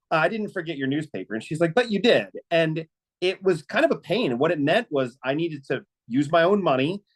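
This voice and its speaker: A man speaking on a webinar, telling a personal story in an earnest, halting way with many fillers and restarts. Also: a little high, rough recording.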